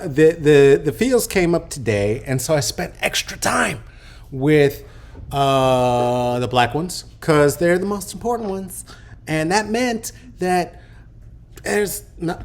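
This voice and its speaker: A man's voice: fairly high pitch, takes it slowly. A man in his late forties hosting a podcast unscripted, joking and rambling with many ums and restarts. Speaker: podcast host. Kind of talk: casual unscripted podcast talk.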